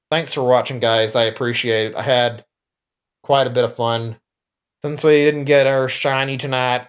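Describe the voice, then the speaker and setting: A man streaming a game late at night, sounding worn out as he chats with viewers. He talks in a loose, rambling way, full of hedges and restarts, at an ordinary middle pitch. Faint music plays behind him. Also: lo-fi sound. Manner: rambling, hedging with many "like"s and restarts. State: tired. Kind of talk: casual live-stream chat.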